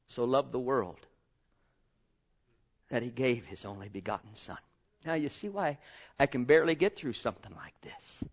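A man preaching a sermon, reading scripture and swinging from booming to hushed, drawing out his words. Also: lively intonation, moderate pace, long pauses. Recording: dull lo-fi sermon recording.

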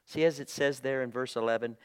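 A man preaching a fervent sermon, moving between hushed low passages and loud, emphatic proclaiming with repeated phrases and bursts of praise. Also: fairly even intonation, quick pace, smooth. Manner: fervent, punctuated with praise exclamations.

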